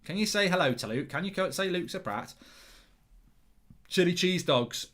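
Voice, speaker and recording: A man's voice: sits high, expressive, normal speed, fairly bright tone. A man hosting a live football watchalong, chatty and teasing, reading out viewer comments with lots of stammered restarts.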